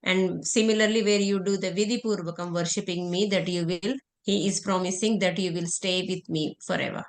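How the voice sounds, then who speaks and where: A woman's voice: on the low side, fairly even intonation, a little fast, few pauses. Hesitant woman answering, echoey room. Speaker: class participant. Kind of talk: answering in online class.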